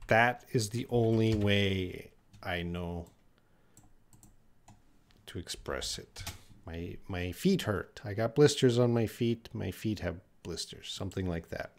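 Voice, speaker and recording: A male English teacher answers viewer questions in a live lesson. He speaks slowly and patiently, in a lowish voice. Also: vocal fry, a little hiss or hum. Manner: slow, patient, reads viewer questions aloud then explains.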